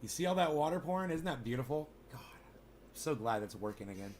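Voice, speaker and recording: A man's voice: on the high side, lively intonation, brisk, a little hiss or hum. A man rambling casually to his viewers from home, loose and profane, talking straight at the audience. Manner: loose, profane, chatty, addresses viewers directly. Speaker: vlogger. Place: home in the mountains.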